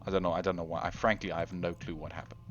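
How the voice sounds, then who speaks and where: A man's voice: sits low, level tone, rapid-fire, lo-fi sound, soft background music. A man hosting his gaming channel, rambling in casual gameplay commentary, self-deprecating and talking straight to the viewer.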